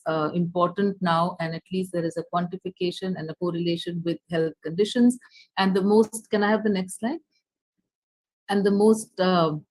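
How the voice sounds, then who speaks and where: A woman with an Indian English accent giving an online lecture over a video call, pausing often with fillers and restarting phrases. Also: medium pitch, a little mellow, no echo, poor audio. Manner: hesitant, many fillers and restarts.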